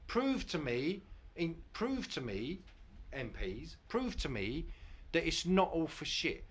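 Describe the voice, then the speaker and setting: A blunt man in his late forties argues hard and swears freely on a casual podcast. His voice runs a little high and leaps all over the place as he presses his point. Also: sing-song, slow, husky. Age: 40s. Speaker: podcast host. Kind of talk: heated political debate.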